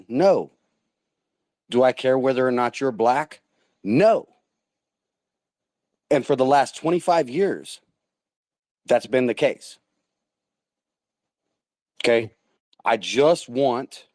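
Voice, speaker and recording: A male caller on a radio show from the United States, rambling and halting, repeating himself. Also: mid-range voice, a little mellow, no echo, clean studio sound. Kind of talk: call-in radio talk.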